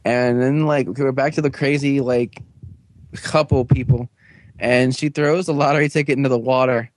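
A man hosting a laid-back podcast and retelling an episode in a loose, rambling way. He fills his talk with "like" and "um" and jumps into quick, higher character voices. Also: fairly even intonation. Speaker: podcast host recapping a show. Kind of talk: casual recap chat.

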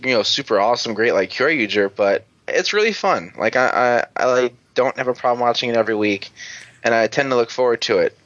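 A man in casual chat, retelling an episode in a loose, rambling way and tossing in the characters' lines as he goes. His voice sits at a middling pitch. The sound is dry and a little dull. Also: a little fast, fairly bright tone, no echo. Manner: rambling, acts out characters' lines, swears freely. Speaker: podcast co-host.

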